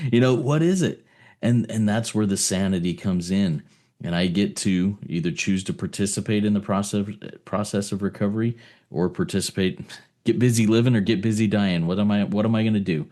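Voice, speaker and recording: A man co-hosting a recovery podcast, speaking thoughtfully and haltingly and asking himself questions as he goes. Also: fairly low pitch, mellow. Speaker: podcast co-host. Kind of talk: reflective recovery podcast talk.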